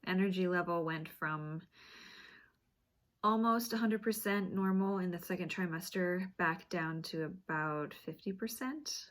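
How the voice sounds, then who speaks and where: Slow, low-voiced woman vlogger. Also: fairly bright tone. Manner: chatty, laughs lightly between phrases. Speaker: author and vlogger. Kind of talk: casual vlog chat to camera.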